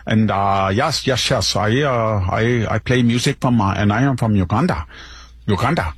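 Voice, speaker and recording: A man doing a mocking impression of a politician, stumbling through an overdone put-on accent. The voice is gravelly and rough, heard close and dry with no room sound. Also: on the low side, normal speed, no room sound.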